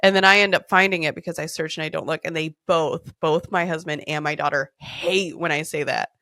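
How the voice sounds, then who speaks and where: A woman's voice: deep voice, steady tone, brisk, sharp tone, no echo, studio quality. A woman podcast host in her thirties, telling stories in a candid, casual way, swearing freely and laughing often. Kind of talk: casual storytelling chat.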